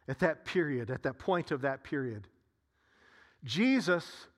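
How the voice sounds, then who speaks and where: A man preaching a sermon, repeating phrases with long dramatic pauses and sighs. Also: high-pitched, a bit bright. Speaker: pastor.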